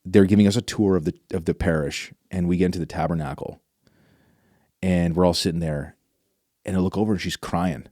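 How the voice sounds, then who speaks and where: Earnest low-voiced man telling his story. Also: fairly even intonation, a little fast, mellow, dry recording, studio quality. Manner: earnest and emotional, restarts often. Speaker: interview guest. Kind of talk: personal faith story.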